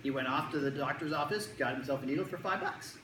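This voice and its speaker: A woman's voice: sits low, quick pace, background noise. A woman giving a lecture, telling anecdotes and acting out the dialogue with animation. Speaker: speaker. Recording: echoey room, faint ambience.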